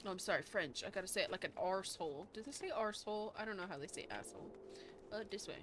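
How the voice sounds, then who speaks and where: A woman's voice: medium pitch, animated, rapid-fire, background noise. A young adult woman streaming a video game in casual commentary, swearing freely and mock-reading the dialogue aloud.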